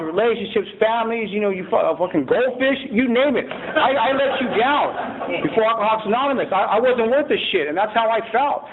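A middle-aged man talks through his recovery story at a meeting, swearing plainly and tripping over his own restarts. He talks fast, and his voice sits somewhat high. It comes through a thin, phone-like recording with a faint hiss of room noise. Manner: blunt, profane storytelling with many restarts.

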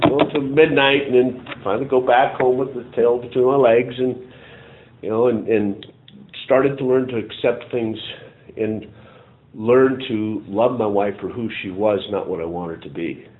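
Middle-aged guy rambling through his story, halting, lots of restarts, tinny phone-ish sound. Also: medium pitch, fairly even intonation. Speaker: recovery meeting speaker. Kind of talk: personal testimony.

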